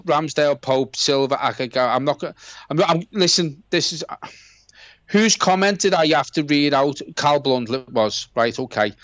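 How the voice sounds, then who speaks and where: A man's voice: mid-range voice, a bit bright, dry recording, lo-fi sound. A man co-hosting a live football watch-along, chatting and reading out donations in a heartfelt, sweary way. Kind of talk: casual live-stream chat, reading out donations.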